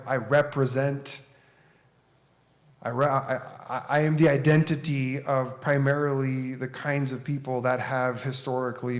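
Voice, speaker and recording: A man addressing a conference audience in a relaxed, plain-spoken way. He talks like he is chatting with friends, moving easily into storytelling. His voice sits at an ordinary middle pitch. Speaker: author and speaker. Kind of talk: conference talk.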